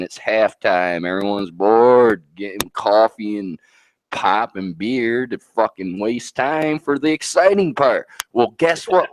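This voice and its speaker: A man's voice: fairly low pitch, no echo. A man co-hosting a show, delivering brash, profane, boastful trash talk like a wrestling promo. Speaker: co-host.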